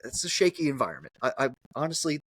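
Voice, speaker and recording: A man's voice: mid-range voice, very animated, fast, fairly bright tone, slight background noise. A young man co-hosting a casual sports podcast, rambling and restarting his sentences a lot, with easy cursing. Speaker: podcast co-host.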